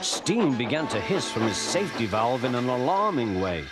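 A man from England with a Liverpool accent narrating a children's storybook in a lively manner, on old tape audio. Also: mid-range voice, moderate pace, over loud music.

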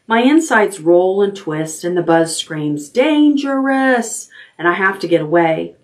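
A woman librarian reading a chapter book aloud at bedtime, calm and steady. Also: on the low side, moderate pace.

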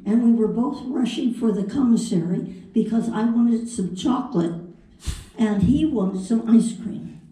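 A woman's voice: medium pitch, warm tone. An older woman, a convention panel guest, telling fond, chatty anecdotes of her past. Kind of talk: storytelling anecdotes. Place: large convention hall. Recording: echoey hall from far off.

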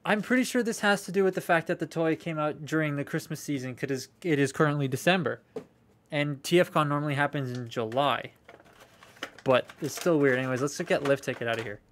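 A man's voice: fairly high pitch, fairly quick, a bit bright. A young man chatting casually on a live stream while unboxing collectible toys, rambling, swearing freely and answering viewer comments.

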